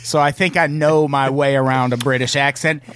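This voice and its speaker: A man's voice: mid-range voice, fairly even intonation, normal speed, background noise. A man in his thirties hosting a casual podcast chat, joking and swearing freely. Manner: jokey, swears casually, does goofy voices. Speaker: podcast host.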